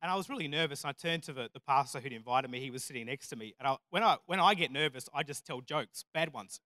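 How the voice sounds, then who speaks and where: A man's voice: medium pitch, fast, sharp tone, dry recording. A man preaching a sermon, telling stories with self-deprecating humor and building to emphatic, repeated declarations. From Australia.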